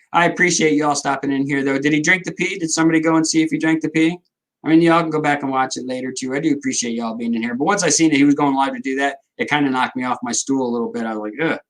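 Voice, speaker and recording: A middle-aged man with a drawl hosts a casual livestream, his voice sitting at an ordinary middle pitch. He rambles, jokes and replies to viewers' comments as they come in. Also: poor audio. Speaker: livestream host.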